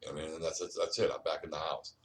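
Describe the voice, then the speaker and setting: Brief: low-voiced man, rapid and rambling, repeats "you know what I mean", preachy, sits back from the mic. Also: level tone, recorded from a distance, poor audio. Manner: repetitive, restarts often, keeps saying "you know what I mean"; earnest and preachy, urging the listener. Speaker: vlogger. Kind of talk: rambling personal monologue. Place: indoors at home.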